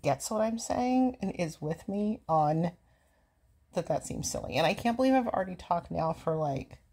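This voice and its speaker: A woman's voice: on the low side, lively intonation, moderate pace, warm tone, slightly rough. A woman in her forties rambling sarcastically in a casual chat while reacting to a movie, a little out of breath from walking. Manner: chatty, sarcastic, easily amused.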